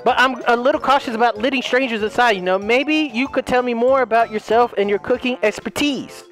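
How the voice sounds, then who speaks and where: A woman's voice: fairly high pitch, brisk, soft background music, lightly acted. A synthetic older woman's voice, playing a polite elderly homemaker in a game and talking in a sugary, genteel way. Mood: sweet. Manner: sugary, genteel, calls others "honey" and "darling".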